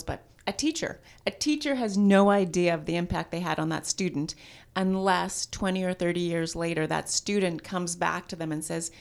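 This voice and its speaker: A woman telling a personal story as a podcast guest, with a touch of vocal fry in her voice. She talks in an animated, self-deprecating way, laughing at her own mishaps. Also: on the low side. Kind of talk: storytelling in casual conversation.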